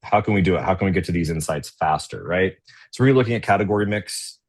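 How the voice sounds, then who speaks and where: A man's voice: low voice, quick pace. A man presenting a business webinar in a casual, conversational way, often checking in with "right?" and talking into a computer mic on a video call. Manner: conversational, tags sentences with "right?".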